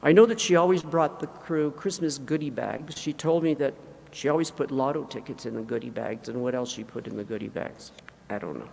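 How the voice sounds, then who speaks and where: An older woman, mother of the deceased, giving an emotional, halting eulogy with frequent self-corrections in a large hangar. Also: rumbling low, creaky, darkish tone, a little hiss or hum. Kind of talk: memorial eulogy. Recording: long reverb in a large hangar.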